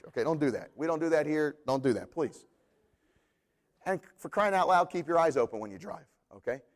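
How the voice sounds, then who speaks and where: High-voiced man preaching a sermon. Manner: conversational, joking asides, emphatic repetition. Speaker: pastor.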